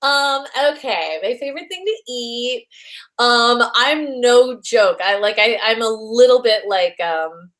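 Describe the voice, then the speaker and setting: A woman's voice: on the high side, animated, takes it slowly, a bit bright. A young adult woman chatting as a guest in a casual interview. She gushes with bubbly enthusiasm and trips over fillers and restarts as she goes. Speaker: voice actress guest.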